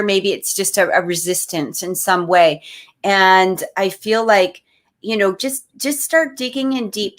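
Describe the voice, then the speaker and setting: Woman psychic reader, soft and meandering delivery, live-stream read. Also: mid-range voice. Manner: gentle, halting, many restarts.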